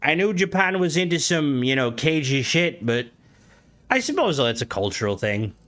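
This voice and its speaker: A young Irish man chatting on a game stream in a jokey, profane way. His voice sits at a middle pitch for a man and leaps much higher whenever he gets excited or indignant. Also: moderate pace. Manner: jokey and profane, voice jumping high when worked up. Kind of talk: casual live-stream chat, reading comments.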